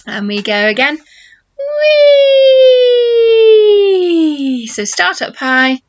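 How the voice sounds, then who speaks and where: A middle-aged woman teaching phonics to young children, slow and encouraging as she models sounds for them to copy. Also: fairly high pitch, bright, forceful tone. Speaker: nursery teacher. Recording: dull lo-fi home video sound.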